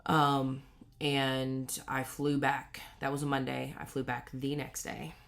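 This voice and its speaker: A woman's voice: very deep voice, completely flat delivery, slow, vocal fry, fairly bright tone. A woman, telling a personal story in a casual, rambling way with many self-corrections. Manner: rambling, self-correcting, acts out quoted voices. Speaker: cross-stitch vlogger.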